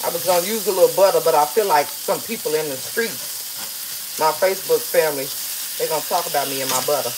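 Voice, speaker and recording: A woman's voice: low voice, a little fast, background noise. A woman, chatting playfully to viewers as she cooks in her home kitchen. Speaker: home cook hosting a recipe video. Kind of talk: casual cooking vlog chat to viewers.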